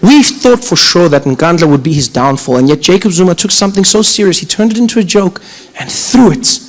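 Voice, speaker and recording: A young adult man doing animated, playful stand-up storytelling. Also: sits high, a little fast, low-quality recording. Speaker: comedian. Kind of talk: stand-up comedy.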